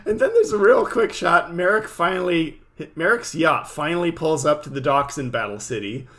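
A man's voice: a little high, lively intonation, normal speed, a bit bright. A man co-hosting a casual podcast, recapping with jokes and silly voices. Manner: joking, does silly character voices. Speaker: podcast co-host.

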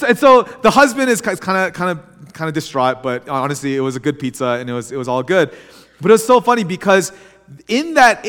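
Young guy pastor, kinda high voice, chatty storytelling sermon, big echoey church sound. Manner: chatty, animated anecdote telling. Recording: long hall reverb.

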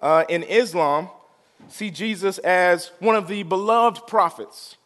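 A male pastor preaching a sermon, drawing out the crowd with call-and-response and swinging from quiet to loud. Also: sits high, slow pace.

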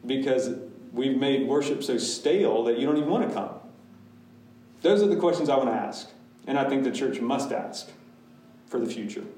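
A pastor answers a church class's questions candidly and casually, restarting often and slipping in asides. His voice is medium-pitched with a dark tone at normal speed, heard from a distance in an echoey room with slight background noise.

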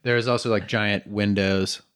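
A man's voice: lowish voice, fairly even intonation, fairly bright tone, clear, resonant tone. A man narrating as game master of a tabletop role-playing game, with lots of fillers and restarts. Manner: halting, full of fillers and restarts.

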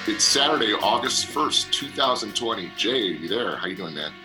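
A man co-hosting a radio talk show, telling a rambling travel story in an animated way and laughing often. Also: on the low side, normal speed, over music. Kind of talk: casual chat and travel storytelling.

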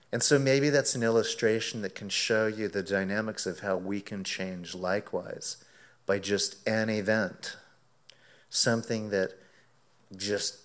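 Low-voiced man preaching through a story. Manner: animated storytelling, acts out his own quoted words. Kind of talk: sermon illustration told as a story.

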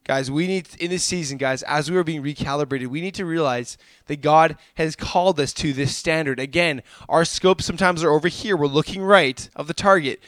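A young adult man delivering a sermon with fervent energy, repeatedly calling his listeners "guys". His voice sits a little higher than most men's. The sound is dry, with no room echo. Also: a little fast, hardly any pauses, a bit bright. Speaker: preacher.

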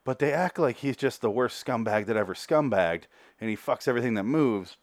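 A man's voice: medium pitch, lively intonation, no echo, studio quality. A man hosting a casual podcast, recapping a TV episode in a rambling, sarcastic way, with lots of swearing. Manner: rambling, sarcastic, acts out characters' lines in quick asides. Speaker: podcast host reviewing a TV show.

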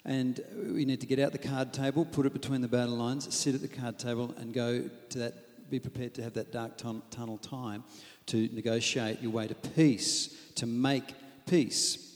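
A man preaching a lively, humorous sermon on marriage, acting out quoted asides. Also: medium pitch, moderate pace, few pauses, big-room sound. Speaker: pastor.

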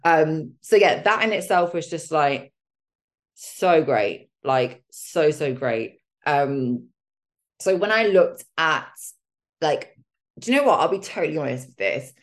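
A woman chatting on her own podcast in a low, grounded voice. She talks loosely and openly, with plenty of "like"s and the odd mild swear word, recorded close on a home mic. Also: expressive, takes it slowly. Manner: candid and chatty, with mild swearing and lots of fillers. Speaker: podcast host. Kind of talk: casual solo podcast chat.

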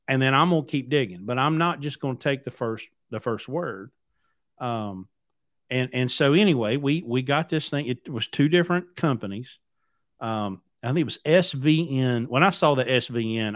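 In a clean studio recording with no echo, a podcast host who owns a trucking company spins a long, rambling tale. His mid-range voice has a fairly bright tone, and his delivery is blunt and casual, full of repeated words.

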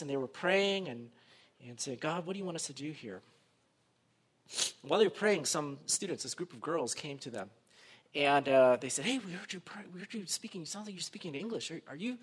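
Male pastor, high bright voice, animated sermon storyteller who swings loud and soft. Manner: animated, acts out quoted voices, swings between loud and hushed.

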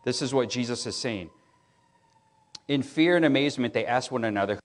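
A middle-aged man preaching a sermon, talking in a casual, animated way and often restarting his sentences as he tells stories. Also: medium pitch, brisk. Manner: conversational, animated storytelling with many restarts. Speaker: pastor.

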